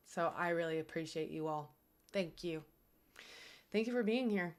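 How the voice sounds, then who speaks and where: A woman's voice: on the low side, normal speed. Young woman streamer, casual chat, earnest and rambling, home setup. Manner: earnest, grateful, rambling with fillers.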